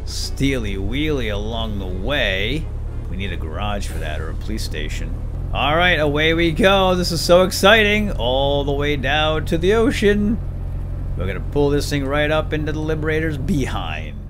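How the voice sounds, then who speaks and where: Goofy excitable man narrating gameplay. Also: medium pitch. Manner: goofy, talks to himself and his vehicle, sudden excited yelps. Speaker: gaming let's-play host. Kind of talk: playful gameplay commentary.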